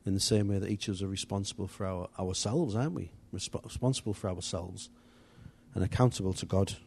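A man's voice: deep voice, steady tone, fairly quick, vocal fry, a little mellow, husky. A man giving an informal, chatty church teaching, rambling a little with restarts and asides. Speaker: church leader.

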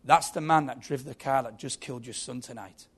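A man's voice: medium pitch, brisk, husky, lightly acted. A man doing a firm desk sergeant.

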